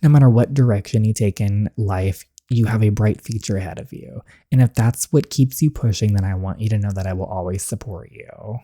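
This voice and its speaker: A streamer reading the lines of a remorseful middle-aged mother from a choice-story game, slow and lowered. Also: mellow, no room sound, studio quality, lightly acted. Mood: tender. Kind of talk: reading game dialogue aloud.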